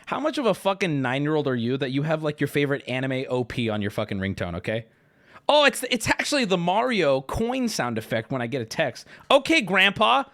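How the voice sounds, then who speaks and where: A man on a live stream talks straight to his chat in a high, animated voice that leaps up and down. He swears a lot, stammers and restarts, and tells a messy story with rising agitation. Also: fairly quick. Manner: profane, stammering, riled-up storytelling. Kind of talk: casual livestream rant.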